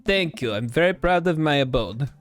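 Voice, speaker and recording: A man's voice: fairly high pitch, animated, moderate pace, faint music behind, lightly acted. A man putting on a pompous goth neighbor. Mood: grandiose. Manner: grandiose, flowery put-on accent.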